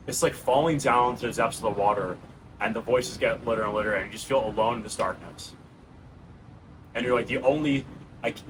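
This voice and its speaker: A man in his thirties with a New York accent talks straight to his viewers in a raw, unscripted monologue, earnest and casual. His voice sits at an ordinary pitch, and steady background noise runs under the recording. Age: 30s. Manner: earnest, conversational, calls viewers bro and guys. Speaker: channel host. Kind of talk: raw personal monologue to camera.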